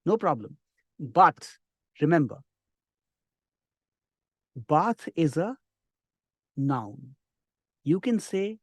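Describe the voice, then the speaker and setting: Man, middle-aged, trainer, slightly high voice, dry close sound. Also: breathy edge, dry recording. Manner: lively, encouraging, lots of emphasis and drawn-out words. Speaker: English communication trainer. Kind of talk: online spoken English class.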